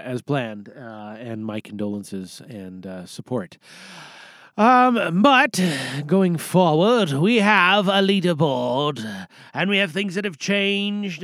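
A man's voice: mid-range voice, no echo, clean studio sound. A man from Canada hosting an audio game show in a chatty, rambling way that often trails off. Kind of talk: casual podcast hosting.

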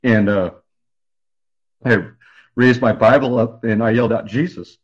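A man telling his personal testimony as a radio guest, in an earnest, halting way with many restarts. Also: medium pitch, fairly even intonation, dull audio.

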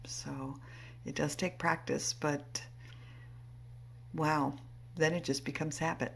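A woman speaks in an unhurried, reflective way, pausing often between phrases. Her voice sits low and carries a gravelly fry. A faint hiss runs under the recording. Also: steady tone. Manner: many fillers and pauses. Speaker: podcast host. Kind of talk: casual spoken intro.

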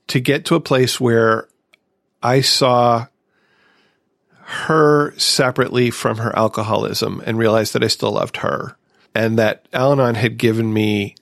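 A man's voice: medium pitch, vocal fry, no room sound, clean studio sound. A man hosting a recovery podcast, sharing his own experience in a reflective, casual way. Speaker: podcast host.

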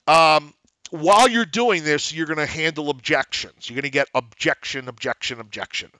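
A man teaching on a podcast, with a bright, forceful voice pitched a little high. He talks in a blunt, emphatic way and slips into little acted-out dialogues. The sound is close and dry. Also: dry recording. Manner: lively, acts out dialogues in different voices. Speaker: podcast host teaching real estate investing. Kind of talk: instructional podcast talk.

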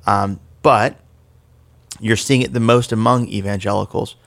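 Man, podcast co-host, conversational explainer, gravelly fry, dry close sound. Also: lowish voice, fairly even intonation, measured pace, a bit bright, no room sound. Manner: conversational, explanatory, self-deprecating jokes. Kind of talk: casual faith discussion podcast.

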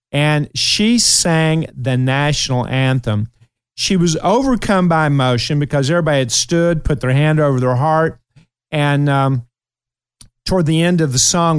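This talk show host, a middle-aged Kentuckian, chats casually on the radio and shares emotional stories packed with fillers. His high-leaning voice is clear and resonant, recorded in a clean studio with no room sound.

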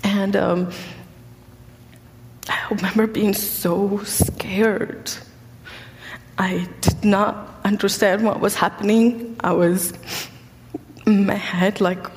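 A woman's voice: mid-range voice, steady tone. Earnest woman in a reverberant hall. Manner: earnest, halting with frequent fillers. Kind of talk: personal testimony.

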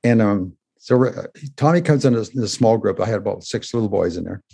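Older man, husky, mellow dark tone, animated storyteller, says "eh?". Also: on the low side, a little fast. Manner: animated retelling, acting out voices in quotes; says "eh?" at ends of phrases. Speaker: guest telling his story. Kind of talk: emotional personal storytelling.

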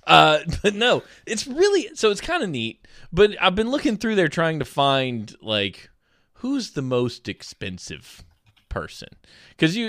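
A man's voice: medium pitch, fairly bright tone, no room sound, studio quality. A man hosting a comedic news podcast, talking casually with goofy, rambling asides and playful jokes. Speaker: podcast host.

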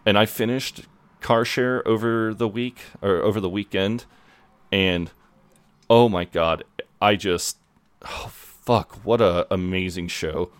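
Man, very low voice, dry sound, casual podcast chat, swears a lot. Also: steady tone, slow pace, smooth, no room sound. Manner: swears freely, restarts often. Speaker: podcast co-host.

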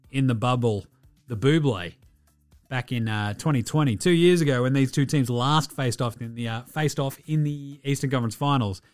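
A man hosting a podcast, giving a casual, profane, rambling basketball recap. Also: mid-range voice. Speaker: podcast host.

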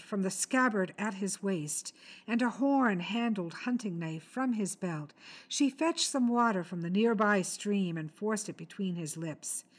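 Woman reader, scripted narration of a dark tale, measured and expressive, mid-pitched. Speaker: story reader.

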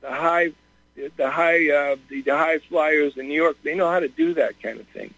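A man's voice: on the high side, moderate pace, gravelly, fairly bright tone, no echo, lo-fi sound. A man chatting as a guest on a radio show, rambling and trailing off. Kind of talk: casual radio chat.

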